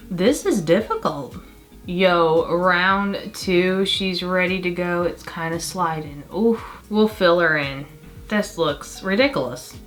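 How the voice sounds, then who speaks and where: A young woman vlogging a makeup tutorial in a casual, chatty and self-mocking way, full of quick asides. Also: lowish voice, a bit bright.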